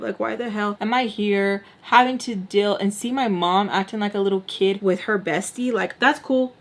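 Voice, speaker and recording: A young woman telling a personal story in a casual storytime vlog, animated and profane, acting out the people she talks about. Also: medium pitch.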